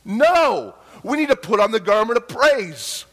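A middle-aged male pastor preaching a sermon, telling a personal story with emotional swings from hushed murmurs to loud cries. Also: sits high, expressive, moderate pace.

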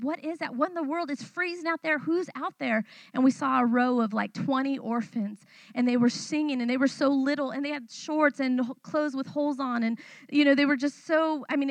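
A woman in her thirties from California gives a youth sermon as a personal testimony. Her voice sits high and sounds bright, and she tells the story with animation, acting out the voices of the people in it. The recording is dry, with no room echo. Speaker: missionary speaker.

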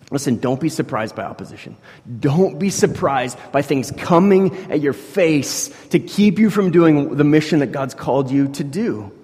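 A man preaching a sermon in a conversational way, shifting from quiet asides to loud, emphatic stretches. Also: on the high side, slightly rough. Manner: conversational, swings between soft asides and loud emphatic bursts. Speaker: pastor. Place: church hall. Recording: long hall reverb.

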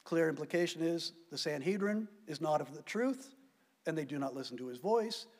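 Man, pastor, sermon, high voice, long hall reverb. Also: animated, normal speed. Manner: emphatic preaching, swinging between loud stresses and quiet drops.

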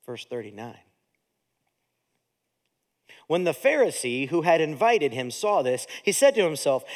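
A man preaching a sermon as pastor, in a lively, conversational way that mixes jokes and acted-out voices into his teaching. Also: on the high side, measured pace, pauses often.

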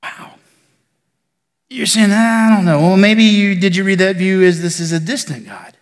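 A man pastor preaching a sermon, building emphasis and then falling to soft near-whispers. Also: high-pitched, moderate pace, long reverb tail. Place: church sanctuary.

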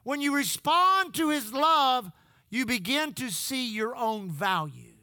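A man's voice: very high-pitched, expressive, slow, bright, forceful tone, no room sound. A middle-aged man preaching a sermon, telling folksy stories and calling out to the congregation. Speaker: pastor.

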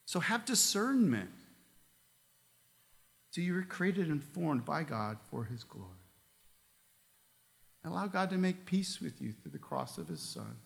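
A man's voice: on the high side, big pitch swings, a little slow, vocal fry, pauses often. A male pastor preaching a sermon in a church, reading scripture aloud and asking the congregation earnest questions. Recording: long reverb of a large hall.

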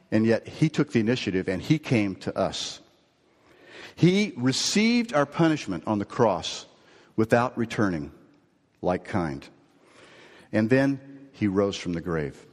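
Man preaching in a reverberant church hall. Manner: earnest, builds to emphatic phrases, then drops low and slow. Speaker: pastor. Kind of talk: sermon with storytelling. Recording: long reverb of a large hall.

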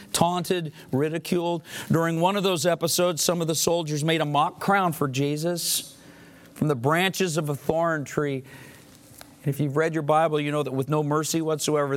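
Man preaching a dramatic sermon. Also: fairly high pitch. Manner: dramatic storytelling, voicing quoted lines. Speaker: pastor.

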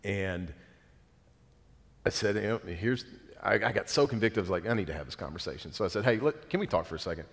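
A man's voice: lowish voice, lively intonation, brisk. A man in his thirties, a pastor preaching a sermon in a conversational, earnest way with self-deprecating asides. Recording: long reverb of a large hall.

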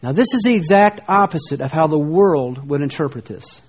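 A middle-aged American man preaching a sermon, dropping to hushed lines and rising for emphasis. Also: fairly high pitch, animated, moderate pace, breathy edge. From United States. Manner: preaching, shifting between soft hushed lines and emphatic rises. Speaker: pastor.

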